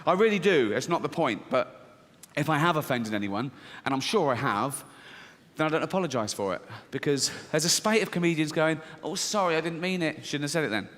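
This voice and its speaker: A man's voice: fairly high pitch, lively intonation, a little fast, a bit bright. A British man doing stand-up, blunt and brash, laughing at his own jokes and a little out of breath. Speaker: stand-up comedian. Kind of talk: stand-up routine. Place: large theatre stage. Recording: stage mic with hall reverb.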